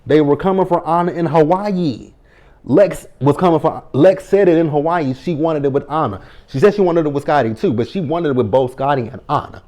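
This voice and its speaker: A man's voice: a little high, a little fast, darkish tone. A man in his thirties giving a casual reality TV recap, blunt and profane, speaking straight to the cast members and stressing his words. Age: 30s.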